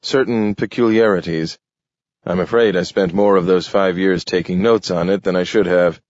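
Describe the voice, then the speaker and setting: A man reading the part of a nervous, reclusive male doctor who speaks in an anxious, halting way. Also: low voice, fairly even intonation, darkish tone, dry recording, natural voice. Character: shaken male doctor who dreads leaving home. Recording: dull lo-fi dry recording.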